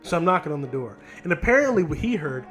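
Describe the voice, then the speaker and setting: A young man of 20 with a somewhat high voice tells a long, aggravated story in a casual vlog. He speaks into a handheld mic in his home studio, cursing freely and restarting sentences as he vents. Music sits faintly underneath. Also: sing-song, quick pace, fairly bright tone. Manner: frustrated, rambling, heavy swearing with many restarts. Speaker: vlogger telling a story. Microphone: handheld microphone.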